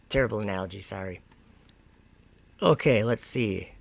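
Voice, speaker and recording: A man's voice: on the high side, lively intonation, takes it slowly, vocal fry, long pauses, sharp tone, no echo. A man hosting a casual livestream, reading viewer comments aloud and mocking and lecturing the people who wrote them. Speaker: livestream host.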